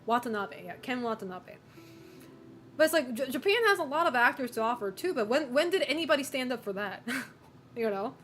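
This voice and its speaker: A woman's voice: on the high side, animated, brisk, a bit bright, faint music behind. A woman streamer chatting casually with viewers, opinionated, swearing and laughing often.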